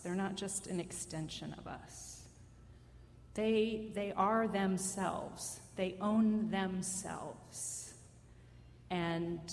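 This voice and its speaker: A woman's voice: on the low side, long reverb tail, slight background noise. A woman in her fifties telling a personal story live on stage, conversational, wry and self-mocking.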